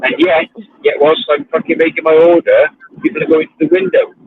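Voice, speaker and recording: A man's voice: fairly high pitch, sing-song, a little fast, vocal fry, breathy edge. A man, ranting in casual chat while driving his car, swearing freely. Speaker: livestream host. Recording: tinny phone line.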